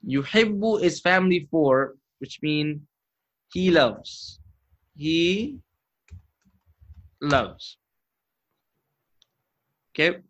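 Male grammar teacher, slightly high voice, patient and encouraging, muffled lo-fi sound. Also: animated, drawn-out words, long pauses, a bit bright. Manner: patient, encouraging, drills terms aloud. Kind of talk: live online lesson. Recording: muffled lo-fi audio.

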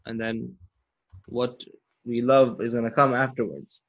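A man's voice: mid-range voice, a little slow, long pauses, fairly bright tone. A man teaching Arabic grammar in a live lesson, patient and encouraging, drilling terms aloud. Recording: muffled lo-fi audio.

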